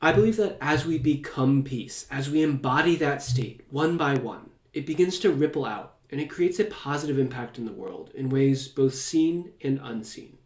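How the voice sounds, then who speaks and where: A man with a mid-range voice speaks softly and slowly, drawing out his phrases as he guides a meditation. His voice carries the echo of a reflective room. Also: mid-range voice, animated. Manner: soft, slow and soothing, drawn-out phrases. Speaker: host. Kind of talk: calm guided meditation talk.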